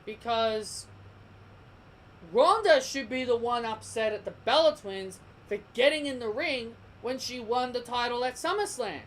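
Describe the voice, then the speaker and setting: An Australian wrestling vlogger, a young man, rants heatedly with strong opinions, going over the same points and restarting sentences as he stumbles. His voice is extremely high and a bit bright, yet unhurried; the recording quality is low.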